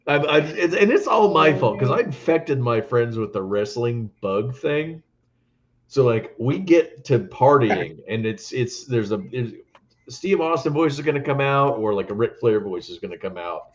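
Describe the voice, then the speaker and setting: A podcast host with a mid-range voice tells stories in casual conversation, laughing often as he gets animated. The audio sounds dull.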